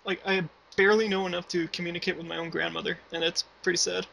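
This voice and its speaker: A man's voice: high-pitched, little pitch movement, fast, vocal fry, bright, forceful tone, slight background noise, low-quality recording. A young man hosting an interview, asking brief, easygoing questions. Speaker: interview host.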